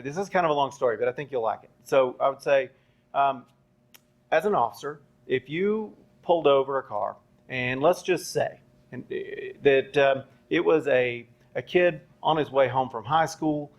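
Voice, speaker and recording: At a live panel in a university event space, a man who trained police recruits tells a long, rambling story packed with ums and rhetorical "right?" checks. His voice is mid-range and moderately paced, and the recording sounds dull and lo-fi.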